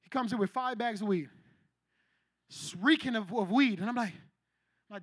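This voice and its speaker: A man preaching with a strikingly high, bright and forceful voice, recorded close and dry. He talks in an animated, slangy way and acts out people's panicked reactions. It is a lively youth sermon rather than a formal one. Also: normal speed, pauses often, no room sound.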